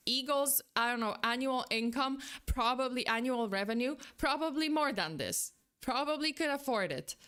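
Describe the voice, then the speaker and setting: A young woman streamer with a fairly high voice, chatting casually with her viewers. She rambles, restarts her thoughts, and swears freely. Now and then she bursts into exasperated disbelief. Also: moderate pace, fairly bright tone, clear, resonant tone. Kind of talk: casual livestream chat.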